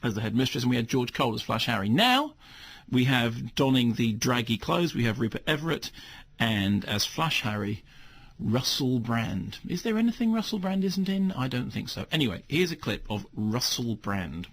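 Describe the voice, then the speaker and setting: A man's voice: mid-range voice, big pitch swings, normal speed, a bit bright, slightly rough. A man reviewing a film on the radio in a casual, rambling and sardonic way, often correcting himself as he goes. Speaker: film critic.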